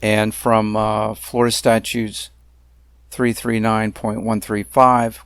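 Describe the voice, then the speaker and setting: A man with a fairly low voice narrates a slideshow presentation at a measured pace. He leans hard on key words, pausing often with ums and uhs. The recording is dry and close, with no room sound. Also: completely flat delivery, a bit bright, clear, resonant tone, no echo. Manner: deliberate and emphatic, with frequent pauses and fillers. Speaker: narrator of a self-made video complaint series.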